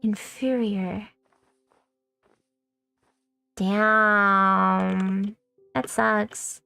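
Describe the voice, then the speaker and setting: A young VTuber streams a game in a medium-pitched voice that's gravelly, pushed and bright, with a flat delivery and drawn-out words. The tone is clean with no echo and faint music behind her. She rambles casually, curses a lot and makes fun of herself.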